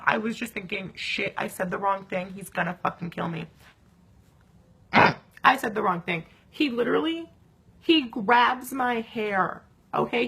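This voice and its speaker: Husky young woman telling a story. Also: fairly high pitch. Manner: animated, swearing, many fillers. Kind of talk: casual storytime vlog.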